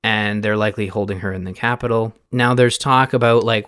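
A man's voice: on the low side, fairly even intonation, fairly quick, a bit bright, no room sound. A man hosting a podcast, recapping a video game in a loose, rambling way with many fillers and restarts. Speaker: podcast host.

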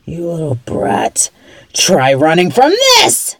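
A woman's voice: a little high, sing-song, slow, a little mellow, husky, no room sound, heavily acted. A woman as a taunting bunny villain. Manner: taunting, mocking, swears a lot. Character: cocky mean female bunny villain chasing a rookie. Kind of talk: audio role-play.

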